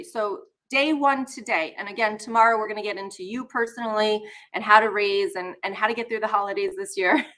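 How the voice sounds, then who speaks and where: Woman, live-stream coach, casual and chatty, addresses the viewers, slightly under the weather, clear bright tone. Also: medium pitch. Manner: chatty, talks straight to viewers, greets chat. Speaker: spiritual coach hosting a live session.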